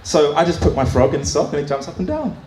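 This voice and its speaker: A man's voice: fairly high pitch, sing-song, quick pace, mellow, some chatter behind. A man doing open mic stand-up in a small comedy club, telling crude stories in a chatty way full of fillers. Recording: roomy club sound, faint ambience.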